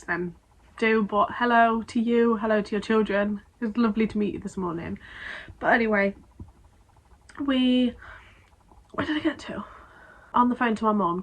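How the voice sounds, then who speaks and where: A young woman vlogging casually, retelling an upsetting event in a rambling, emotional way with quick restarts. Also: medium pitch, low-quality recording. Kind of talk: casual vlog storytelling.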